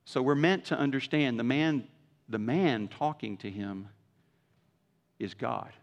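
A man preaching a sermon in a conversational way, swinging from loud emphasis to hushed lows and acting out quoted speech. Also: unhurried, long reverb tail, muffled recording. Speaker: pastor.

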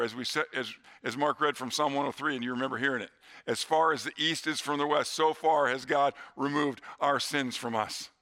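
A middle-aged man delivers a Sunday sermon with a bright, forceful voice. He preaches earnestly and slows down to a near hush on the lines he wants to land. His pitch sits right in the ordinary male middle. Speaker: pastor.

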